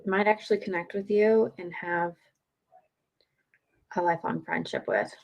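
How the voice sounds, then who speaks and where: Casting: outspoken woman streamer, gravelly edge, casual and profane. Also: lowish voice, fairly even intonation, a little slow, darkish tone, muffled recording. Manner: blunt, swears freely, chatty and opinionated. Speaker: streamer, podcaster. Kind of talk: casual live-stream chat. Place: home.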